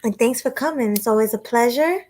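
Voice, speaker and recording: A woman hosting a casual live-stream chat, relaxed and chatty, thanking her viewers. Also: a little high, a little fast. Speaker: host.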